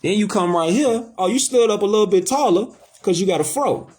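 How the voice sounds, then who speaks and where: A man's voice: high-pitched, animated, a little fast, darkish tone. A man hosting a casual talk, speaking emphatically and with swearing, repeating his points. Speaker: host. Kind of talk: casual conversation, preachy.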